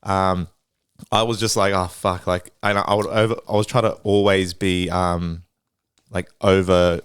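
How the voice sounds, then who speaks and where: A man co-hosting a casual podcast, his voice low and smooth. He tells animated, slangy stories and swears freely. The sound is close and dry. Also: moderate pace, no room sound. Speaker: podcast co-host. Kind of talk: casual chat.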